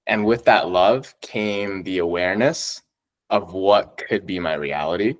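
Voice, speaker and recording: Excitable man, swears a lot, laughs mid-sentence, lowish voice, podcast guest chat. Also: measured pace, rough recording. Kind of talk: casual chat.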